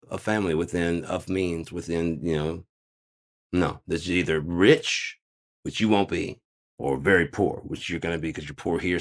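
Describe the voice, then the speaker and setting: A man ranting in a casual monologue, sarcastic, profane and rambling. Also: low-pitched. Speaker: host.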